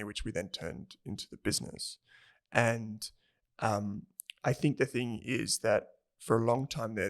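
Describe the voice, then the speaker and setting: A man's voice: fairly low pitch, fairly bright tone. Chatty man co-hosting a podcast. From Australia. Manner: chatty, rambling, laughs easily. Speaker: podcast co-host. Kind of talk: casual chat.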